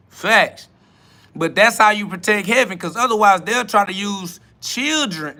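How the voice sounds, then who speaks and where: A man's voice: a little high, sharp tone. A man hosting a spiritual podcast, preaching an improvised sermon in street slang, emphatic and profane with a repetitive cadence, recorded outdoors beside a road. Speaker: self-styled spiritual podcast host.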